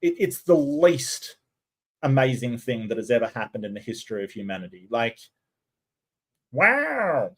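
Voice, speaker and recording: A man's voice: medium pitch, brisk, darkish tone. Sarcastic Australian man reacting to clips. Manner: sarcastic, mocking. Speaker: commentary host. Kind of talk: reaction commentary.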